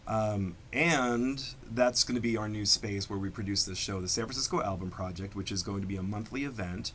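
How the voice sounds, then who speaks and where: A man's voice: fairly low pitch, a little fast, fairly bright tone, a little hiss or hum. A man who performs and produces drag shows, chatting enthusiastically in an interview. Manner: enthusiastic, campy. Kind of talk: casual interview chat.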